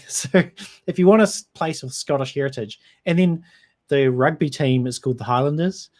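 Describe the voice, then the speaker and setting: A man's voice: medium pitch, moderate pace, a little mellow. A man with a New Zealand accent hosting a casual livestream. He rambles in a friendly way and reads out and answers viewer comments. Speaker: whisky channel host.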